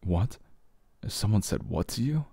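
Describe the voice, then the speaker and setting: Low dark guy doing whispered role-play as a soothing boyfriend, soft and hesitant, bone dry close recording. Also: lively intonation, gravelly, breathy edge, no room sound. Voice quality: soft, gentle and reassuring, with sighs and quiet laughs. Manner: hesitant fillers, slow soothing phrasing.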